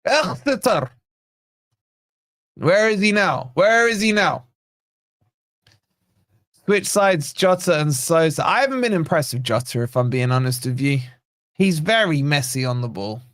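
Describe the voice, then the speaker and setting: A man's voice: on the high side, animated, moderate pace, fairly bright tone, no room sound, studio quality. A man hosting a live football watch-along, bantering and reading viewer comments aloud. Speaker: host of a football fan channel watch-along.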